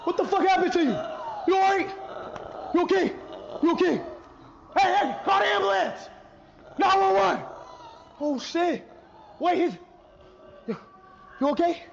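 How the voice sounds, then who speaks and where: A young man live-streaming through a haunted house, loud and panicky, swearing and yelling as he goes. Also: extremely high pitch, expressive, measured pace, vocal fry, pauses often. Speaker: livestreamer. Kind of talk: frantic live-stream reactions. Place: indoor haunted house attraction. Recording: dull lo-fi stream audio, noisy.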